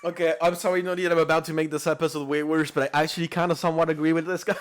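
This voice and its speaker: Guy from ireland ranting on a podcast, bit high voice, swears a lot and laughs, yells when worked up. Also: level tone, fast, smooth. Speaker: podcast co-host. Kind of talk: casual comedic rant.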